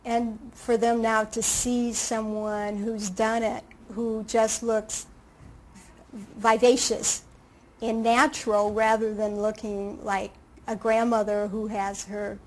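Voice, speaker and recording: A woman in her late fifties, a surgery patient, talking casually in an interview with halting restarts. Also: on the high side, flat delivery, darkish tone, rough recording. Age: late 50s. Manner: conversational, hesitant restarts and fillers.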